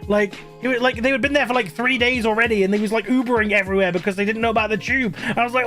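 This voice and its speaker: A British man with an unusually high voice tells a story to his live stream in loose, rambling chat. He trips over restarts and fillers and breaks into laughs mid-sentence. Soft music plays quietly behind him. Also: steady tone, racing, few pauses. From Britain.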